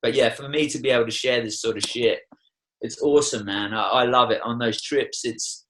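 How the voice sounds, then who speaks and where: Speaking fairly quickly in a medium-pitched, slightly bright voice, a young Australian man who works as a tour guide joins a podcast as a guest. He's passionate, preachy and swears a lot in the casual chat, and the recording quality is low.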